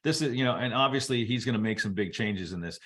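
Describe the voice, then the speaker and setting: A man presenting a webinar, explaining soil biology at a relaxed teaching pace with casual asides. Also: mid-range voice, fast. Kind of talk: explaining soil science to an audience.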